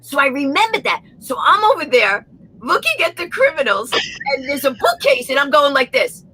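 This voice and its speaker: A woman guest telling a comic story with lively delivery, acting out the voices of the people in it. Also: high-pitched, moderate pace, background noise. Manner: animated, acts out the voices in her story.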